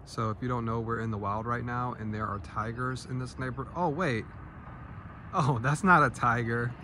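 A man's voice: medium pitch, fairly even intonation, normal speed, background noise. A man hosting a casual walking vlog outdoors in a neighborhood, talking affectionately to cats. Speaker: vlog host.

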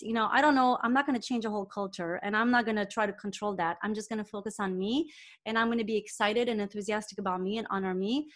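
A middle-aged woman, a cardiologist guest, talking in a casual interview with enthusiasm and lively self-quotes. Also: medium pitch, fast talker. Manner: enthusiastic, animated, quotes herself in lively voices.

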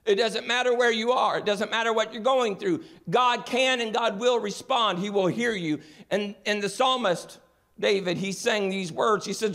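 Man, high-pitched voice, pastor, earnest sermon, repeated refrains, church. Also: normal speed, fairly bright tone. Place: church sanctuary.

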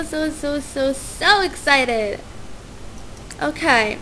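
Over a faint background hum, a young woman narrates her gameplay as a let's play gamer. Her high, bubbly voice gushes with excitement, stumbling over words, though she never rushes.

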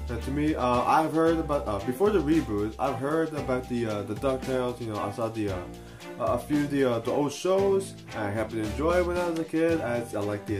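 A young man giving a casual, unscripted review and stumbling over his words with many fillers and restarts. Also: mid-range voice. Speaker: video reviewer.

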